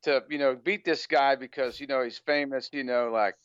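A man's voice: medium pitch, steady tone, normal speed, fairly bright tone, clean tone, dry recording, muffled recording. An American man speaking as a guest on an interview podcast, talking casually with a rambling flow full of "you know" fillers. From United States.

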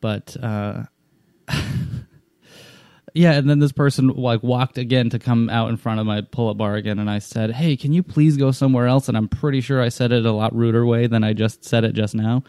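A man's voice: medium pitch, steady tone, moderate pace, mellow, smooth, no room sound, clean studio sound. A man in casual chat, telling a long story in a rambling, profane way with frequent restarts. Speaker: storyteller in a conversation.

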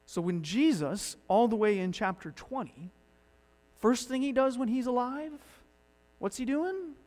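A man preaching a sermon as pastor, swinging between loud emphatic lines and hushed ones. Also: extremely high pitch, a little slow. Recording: long hall reverb.

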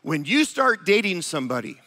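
A man preaching a sermon, animated and acting out quoted voices of spouses. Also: high voice, brisk. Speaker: pastor.

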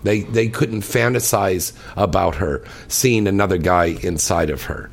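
A man's voice: deep voice, unhurried, vocal fry. A man hosting an adult radio show, teasing and flirtatious in casual interview talk.

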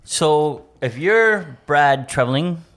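A man's voice: a little high, expressive, drawn-out words, fairly bright tone. Man asking hockey questions. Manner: steers talk with questions. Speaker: podcast co-host. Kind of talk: casual chat.

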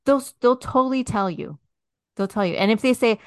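A woman's voice: mid-range voice, fairly quick, a little mellow, clear, resonant tone, no room sound, studio quality. A woman hosting a casual podcast chat. She speaks emphatically and turns to address listeners directly.

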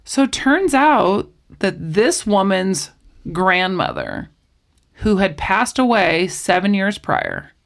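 A woman in casual conversation, telling a story with lively acted-out quotes. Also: mid-range voice, slow, vocal fry. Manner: animated storyteller, acts out quoted voices. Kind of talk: casual chat.

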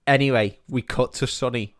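A man co-hosting a casual podcast, walking through a film scene by scene. He talks loosely and sweary, slipping briefly into the characters' lines, at an ordinary middle pitch. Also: fairly even intonation, normal speed. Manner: rambling, sweary, quotes characters in passing. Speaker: podcast co-host. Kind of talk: casual chat retelling a film.

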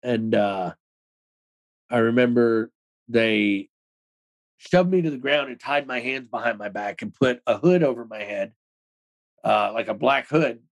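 A man talks as a guest on a podcast, recounting his past in a casual, rambling way. His speech runs quick and loose, padded with "like" and salted with swearing. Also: medium pitch, rough recording. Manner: rapid, loose talk full of "like" and swearing. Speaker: interview guest, former extremist. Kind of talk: casual storytelling in a podcast interview.

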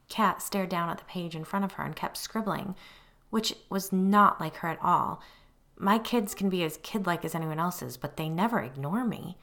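Middle aged woman reading her memoir audiobook, low voice, bright and pushy tone. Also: moderate pace. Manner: expressive storytelling, acting out her own quoted lines. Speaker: audiobook narrator. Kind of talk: first-person memoir narration.

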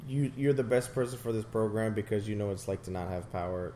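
A man co-hosting a casual movie commentary, talking in a relaxed, chatty way. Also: fairly low pitch, fast, slight background noise.

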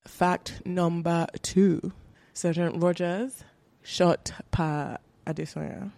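Low gravelly woman podcaster. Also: steady tone, takes it slowly, a little mellow, no room sound. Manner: playful quiz-giving storyteller. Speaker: podcast co-host. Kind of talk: casual chat.

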